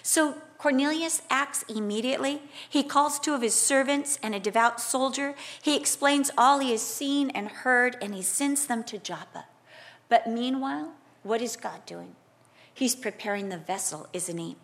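A middle-aged woman, fairly high in pitch and speaking at normal speed, gives a sermon. She goes back and forth between teaching scripture and recounting a vivid personal story, voicing quotes loudly.

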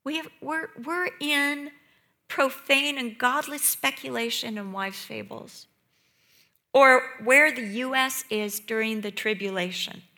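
A middle-aged woman preaching a sermon with passion, dropping to hushed whispers and rising to loud exclamations. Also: high-pitched, slow.

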